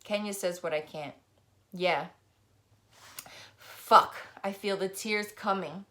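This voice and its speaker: Bright-voiced woman reading a novel aloud. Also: mid-range voice, takes it slowly, pauses often. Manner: expressive first-person narration. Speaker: reader.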